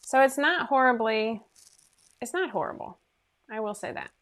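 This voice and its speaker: A woman's voice: on the high side, lively intonation, moderate pace, fairly bright tone. A woman hosting a casual sewing livestream from her home sewing room, chatting in a rambling, self-deprecating way into her computer microphone.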